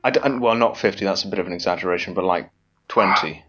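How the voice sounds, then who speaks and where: Man, rambling, hesitant, low pitch, dull lo-fi sound. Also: fast, fairly bright tone, soft background music. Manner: rambling, hesitant, self-conscious. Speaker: podcast guest. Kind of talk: casual podcast chat over a call.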